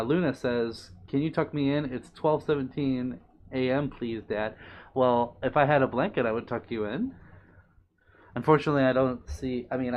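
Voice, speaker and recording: A man's voice: medium pitch, highs cut off, a little hiss or hum. Friendly man reading his stream chat. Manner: warm, apologetic, reads comments aloud. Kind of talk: casual live-stream chat.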